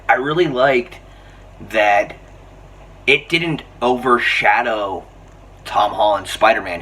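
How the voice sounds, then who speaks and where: A man giving a casual, excited film review, chatty and full of fillers, often laughing. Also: medium pitch, breathy edge. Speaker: movie reviewer. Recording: voice a bit far from the mic, faint background noise.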